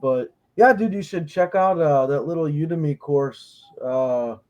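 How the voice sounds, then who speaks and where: A man who is a comedian, talking as a guest in a relaxed interview, easygoing and hesitant with fillers. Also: on the high side, unhurried. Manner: laid-back, hesitant with fillers. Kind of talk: casual interview chat. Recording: dull lo-fi sound.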